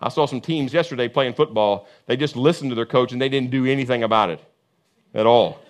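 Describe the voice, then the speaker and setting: A man preaching a sermon as pastor, with an impassioned, repetitive cadence that swings from booming emphasis to hushed intensity. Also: brisk.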